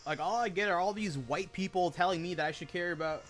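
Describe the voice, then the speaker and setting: A man with a high-pitched voice rants during a gaming stream. He talks casually, packs his speech with fillers, and swears as he gets heated. Faint music plays behind him. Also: quick pace, fairly bright tone. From United States. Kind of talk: casual rant while gaming.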